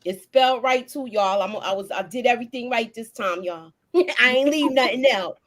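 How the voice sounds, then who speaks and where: Woman, live-stream host, AAVE speaker, animated and chatty, slightly high voice. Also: moderate pace. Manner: animated, chatty, greets viewers, laughs often. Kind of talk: casual live recap chat.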